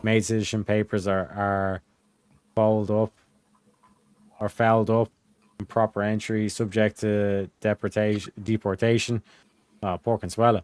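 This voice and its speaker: A young man casually reading old case transcripts aloud to friends, halting with fillers and swearing. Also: fairly low pitch, flat delivery, darkish tone, clear, resonant tone, no echo. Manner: profane, halting, reads with fillers. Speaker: host reading case files.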